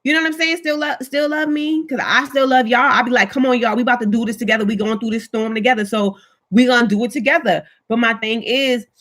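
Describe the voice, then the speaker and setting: Woman chatting live w viewers, high bright voice, real emphatic. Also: steady tone, fast. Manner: chatty, emphatic, reads and answers viewer comments. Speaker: livestream host. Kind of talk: casual live chat with viewers.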